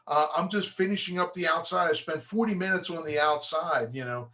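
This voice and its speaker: A middle-aged man teaching agents in a loose, conversational way. His voice sits a little high and rings bright, and he often starts a sentence over as he goes. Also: brisk. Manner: conversational, restarts often, acts out clients' voices. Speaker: home inspector. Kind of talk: training talk for real estate agents.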